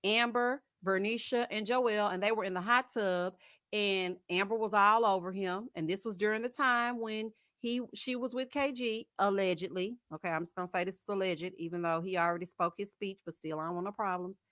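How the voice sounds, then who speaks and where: A woman's voice: medium pitch, a little fast, no room sound. Gossipy woman streamer, dry mic. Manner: gossipy, animated, laughs often, uses Southern US slang. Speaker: host of a live chat stream. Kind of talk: casual chat reading viewer comments.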